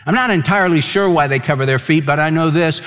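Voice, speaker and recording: Male pastor, earnest sermon delivery, slightly high voice, long reverb tail. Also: fairly bright tone, soft background music. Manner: earnest preaching, slows and drops low to stress words.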